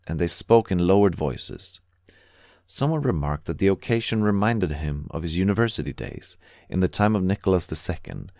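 A man narrating an audiobook in a measured, even reading. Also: a bass voice, vocal fry, no echo, studio quality. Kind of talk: scripted narration.

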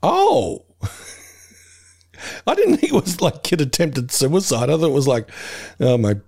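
Male co-host, laughs often, rambling anecdotes, lively up-and-down pitch. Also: unhurried, gravelly, slightly rough. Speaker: podcast co-host. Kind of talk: casual chat.

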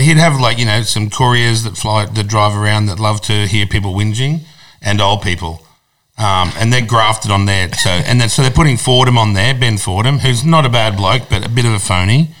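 A middle-aged Australian radio host in casual podcast chat, talking bluntly and crudely about himself and others. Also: male voice, fairly low pitch, moderate pace, fairly bright tone.

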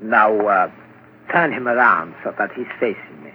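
An actor playing a deliberate, explanatory doctor in an old radio drama. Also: male voice, on the low side, slight background noise, lightly acted. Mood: measured. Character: measured male asylum doctor. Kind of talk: 1940s radio acting. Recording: muffled old radio broadcast.

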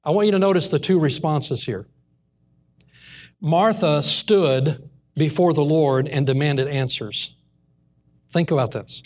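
Male preacher, earnest sermon delivery, slightly higher voice. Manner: earnest, slows and softens on key lines. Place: church.

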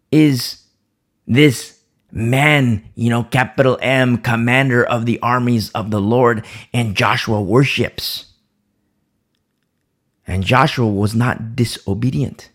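A Bible teacher leads a midweek Bible study in a gravelly, husky voice. His pitch swings widely as he drives home each point, and he often repeats phrases for emphasis.

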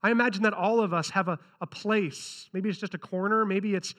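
A man's voice: high-pitched, brisk, a bit bright. A man preaching a sermon who reads scripture aloud and earnestly repeats key lines for emphasis. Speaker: pastor.

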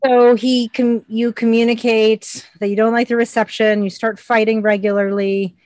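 A woman's voice: fairly high pitch, flat delivery, moderate pace, darkish tone, no echo. A woman interviewing a guest, plainly summing up what she has heard. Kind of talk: conversational interviewing.

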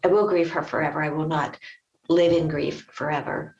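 Gentle woman host, earnest, distant from the mic, dull roomy sound. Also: low-pitched, steady tone, normal speed, gravelly. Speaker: podcast host. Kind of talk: empathetic interview conversation.

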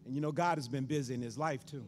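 A man's voice: mid-range voice, fast talker, faint music behind. A man introducing a guest preacher in an informal, rambling way, repeating himself and talking to the church as family. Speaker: church host introducing the speaker.

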